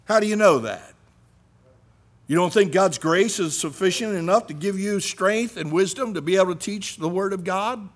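A middle-aged man preaching a sermon, animated, swinging between loud emphasis and hushed asides. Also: sits high, normal speed.

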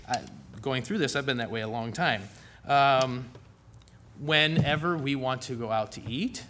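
A middle-aged man preaches to his congregation in a relaxed, folksy way, tossing in asides as he goes. His voice sits a little high for a man. A faint hiss hangs under the church-hall recording. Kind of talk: sermon.

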